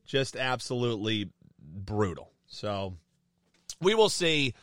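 Lively joking podcast man in his twenties. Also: on the low side, takes it slowly, no room sound, studio quality. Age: 20s. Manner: jokey, swears, lively delivery. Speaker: podcast co-host. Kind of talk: casual podcast banter. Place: recording studio.

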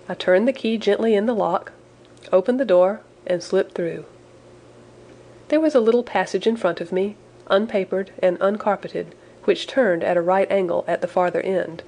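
Woman reading an old story aloud, kinda low voice, measured and expressive. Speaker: audiobook narrator. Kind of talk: first-person narration of classic fiction.

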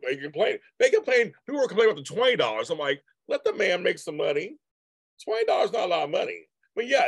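A man's voice: on the high side, no echo. A man hosting a casual livestream, rambling and repeating himself as he chats with viewers and answers their comments. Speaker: livestream host. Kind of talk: casual live-stream chat reading viewer comments.

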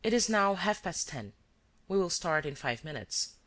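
A reader voicing a male detective who is cool and relentless, laying out accusations calmly and evenly. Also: mid-range voice. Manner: calm, measured accusations.

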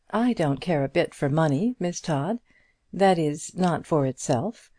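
A woman's voice: low-pitched, warm tone, no echo, studio quality. A woman reading as an earnest lonely spinster. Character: earnest, modest middle-aged spinster, lonely and sincere. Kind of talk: audiobook character reading.

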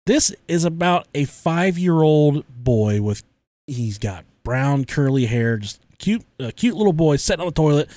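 A young man hosting a casual podcast, joking crudely and swearing freely. His voice sits a little high. The sound is dry and close, with no room in it. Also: lively intonation, unhurried, darkish tone, no echo. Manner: crude, joking, swearing often, frequent laughter. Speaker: podcast host.

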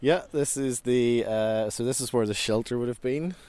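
A man's voice: mid-range voice, moderate pace, darkish tone. A man recalling his teenage years in casual chat, rambling and laughing often, recorded outdoors in a park. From Northern Ireland. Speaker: guest. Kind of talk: casual reminiscing.

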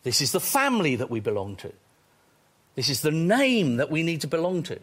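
Excitable male preacher, lively high voice. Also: fairly quick. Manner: excitable, swings from quiet to loud exclamations. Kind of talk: sermon.

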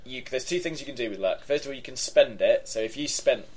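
A man narrating as game master in a relaxed, halting way with many fillers. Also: mid-range voice.

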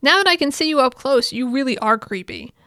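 A woman's voice: sits high, animated, fairly quick, bright, forceful tone, clear, resonant tone, no room sound, clean studio sound. A woman voicing a brash, cocky young male hero, reading his lines plainly and boastfully.

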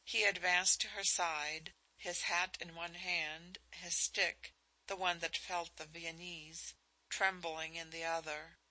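A woman narrating a novel as an audiobook, in a measured, expressive reading. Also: low-pitched, poor audio.

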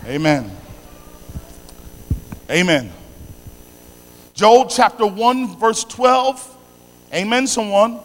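A man with a South Philadelphia accent preaching a sermon with call-and-response, building to shouted, sing-song passages. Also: high voice, lively intonation, drawn-out words, long pauses, in a large hall.

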